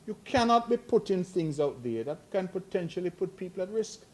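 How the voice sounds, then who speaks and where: Speaking at a press conference, this middle-aged man, the head of government, sounds high-voiced, very animated, and a little fast. His remarks are earnest and admonishing, building in emphasis.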